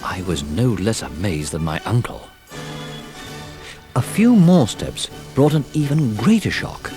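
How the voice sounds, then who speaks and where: A man narrating a children's storybook recording in a lively, expressive telling. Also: on the low side, measured pace. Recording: old storybook record with music.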